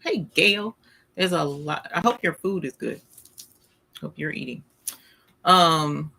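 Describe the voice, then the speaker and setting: A man's voice: a little high, slow pace, vocal fry, pauses often, bright, forceful tone. A man hosting a casual livestream, greeting viewers by name and talking with playful exasperation. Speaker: livestream host. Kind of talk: casual live-stream chat with viewers.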